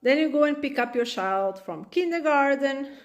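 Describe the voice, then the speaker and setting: A woman's voice: high-pitched, lively intonation, normal speed, lo-fi sound. A woman telling a comic story about daily struggles and acting out both sides of the scene. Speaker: parenting educator.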